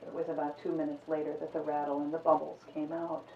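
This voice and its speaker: Woman telling a dark tale, tinny and distant. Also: low voice, flat delivery, quick pace, vocal fry, slight background noise. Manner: conversational, vivid. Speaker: storyteller. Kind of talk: oral storytelling. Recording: echoey, distant, phone-like sound.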